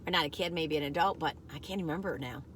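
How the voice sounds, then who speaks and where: A woman's voice: low voice, fast talker, fairly bright tone, slight background noise. A chatty woman vlogging a food taste test, rambling as she eats and laughing often. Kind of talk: casual chat.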